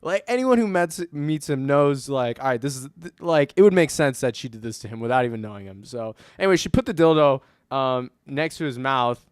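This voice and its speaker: A young man co-hosting a casual podcast, telling an animated story full of acted-out quotes and frequent laughter. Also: mid-range voice, fairly quick, few pauses, smooth, no room sound, clean studio sound. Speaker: podcast co-host.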